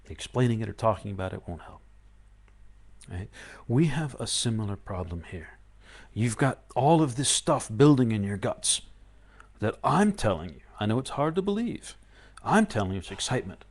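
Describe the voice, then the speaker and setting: Man, spiritual teacher, firm emphatic talk, mid-pitched voice, earnest. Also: sing-song, normal speed. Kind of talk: talk to a live online audience.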